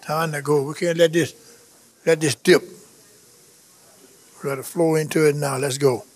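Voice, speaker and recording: A man's voice: on the high side, fairly even intonation, measured pace, darkish tone. A man preaching a charismatic sermon, fervent and exhorting, repeating phrases and breaking into tongues and chuckles.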